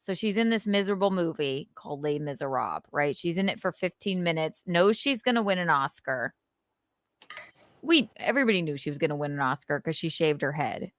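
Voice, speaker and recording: A woman hosting a casual live stream, animated and swearing as she acts out scenes. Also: low voice. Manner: animated, swearing, acting out scenes with quick voices. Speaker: podcast host.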